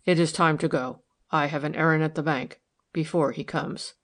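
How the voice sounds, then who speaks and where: A woman reading an audiobook, voicing a tired, stooped older husband who speaks quietly and curtly. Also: deep voice, steady tone, moderate pace. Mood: grave. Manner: curt, quiet and grave.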